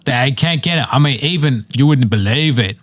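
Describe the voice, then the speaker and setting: A man doing a boozy Australian guy who won't stop blabbering and tacks "mate" onto everything. His voice rides a little higher than plain talk, a tipsy show-off buttonholing strangers on a bar patio, slightly off the mic. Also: moderate pace, a bit bright, no echo, studio quality, lightly acted. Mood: insistent. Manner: blabbering, says "mate" constantly. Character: drunk rambling Australian man at a comedy club.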